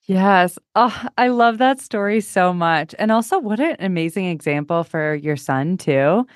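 A woman's voice: fairly low pitch, lively intonation, measured pace, no room sound, clean studio sound. A woman speaking as a guest coach in a casual interview, upbeat and encouraging, laughing often.

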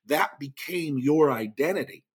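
Husky middle-aged storyteller man. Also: on the high side, measured pace. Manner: animated storyteller, acts out quoted voices. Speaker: guest speaker and author. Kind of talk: storytelling interview answer.

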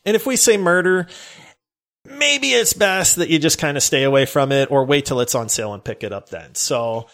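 A man co-hosting a gaming podcast in casual chat, animated and quick to laugh. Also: a little high. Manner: laughs often, animated and jokey. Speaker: podcast co-host.

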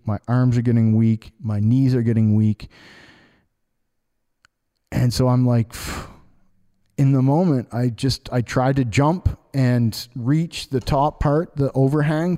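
Laid-back man telling a story, dark voice. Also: mid-range voice. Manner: rambling, many fillers and restarts. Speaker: podcast host. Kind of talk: casual storytelling.

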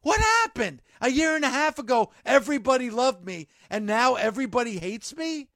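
A man's voice: sits high, lively intonation, a little slow, no room sound, studio quality. A man doing a wrestling promo as an aggrieved male wrestler who feels betrayed by the crowd, growing indignant. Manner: indignant, building to shouted complaints.

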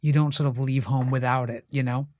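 A man's voice: a little fast, no room sound, clean studio sound. A man, an actor and TV writer, telling stories as a guest in a casual interview, acting out the voices of other people. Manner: animated, acts out quoted voices with big jumps in pitch.

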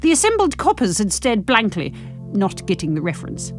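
A woman's voice: mid-range voice, fairly quick, faint music behind. A woman co-hosting a comedy podcast, reading a story aloud and bantering playfully. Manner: playful, expressive. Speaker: podcast co-host and reader.

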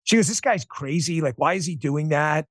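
A man guesting on an interview show, telling a personal story in an animated, emphatic way with quick restarts. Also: fairly high pitch, no echo, clean studio sound. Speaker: podcast host and interview guest.

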